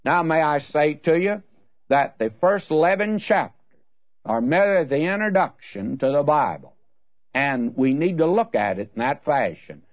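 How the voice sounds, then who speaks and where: A man's voice: on the high side, animated, moderate pace, dry recording. Earnest man teaching the Bible, lo-fi. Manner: earnest, addresses listener as "my friend". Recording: dull dry lo-fi recording.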